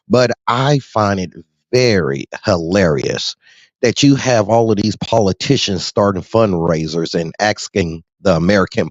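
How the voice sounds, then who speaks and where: A man's voice: sits low, no room sound, muffled recording. A man hosting a podcast in a loose, profane monologue, laughing often and calling out to his listeners. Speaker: podcast host.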